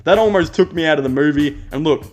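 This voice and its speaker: An Australian man giving a casual, rambling movie review, blunt and quick to swear. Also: a little high.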